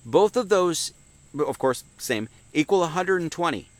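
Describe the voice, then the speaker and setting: A man's voice: fairly high pitch, expressive, a little slow, dry recording. A man giving an informal Sunday Bible teaching, asking and answering his own questions and reading verses aloud with lifted emphasis. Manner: conversational, asks and answers his own questions, reads scripture with rising emphasis.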